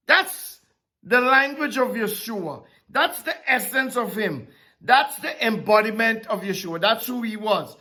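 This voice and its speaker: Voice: mid-range voice, lively intonation, unhurried, pushed and bright. A Bible teacher preaching a sermon-style lesson, who asks rhetorical questions and repeats key phrases for emphasis.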